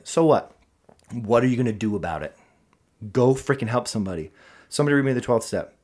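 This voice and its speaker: A man's voice: medium pitch, quick pace. Emphatic man on a podcast. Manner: animated, emphatic, preacher-like rises and drops. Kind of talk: casual podcast conversation.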